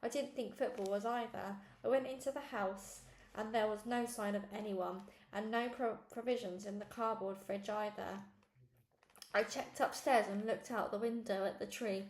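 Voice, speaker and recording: A woman's voice: medium pitch, fairly even intonation, normal speed. A woman reading a children's storybook aloud in a conversational first-person narration. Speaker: reader. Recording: echoey room, faint noise.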